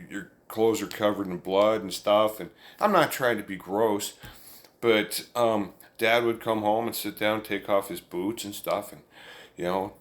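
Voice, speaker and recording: A man telling a family story in a casual, folksy, rambling way, chuckling along as he goes. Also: lowish voice. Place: indoors, room with an amplifier.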